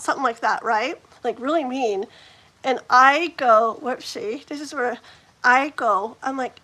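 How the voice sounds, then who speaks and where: Woman, middle-aged, high voice, live stream host, chatty storytelling, laughs a lot, says "like" constantly. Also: normal speed. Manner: animated, laughing often, heavy use of "like". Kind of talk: casual storytelling.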